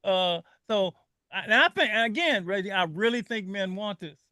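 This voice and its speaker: Older man, radio talk host, high bright voice, dry close sound, earnest emotional storytelling. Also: lively intonation, normal speed, dry recording.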